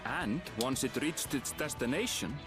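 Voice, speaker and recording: A man voicing a calm frontier investigator in a video game, explaining things in a measured way. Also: mid-range voice, lightly acted. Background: game music.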